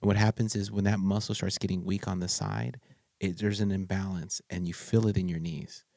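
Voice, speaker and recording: A man hosts a casual podcast interview, chatty and excitable, full of restarts and slang. His voice sits on the low side. The recording is dry and close, with no room sound. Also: a little fast, no echo. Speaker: podcast host.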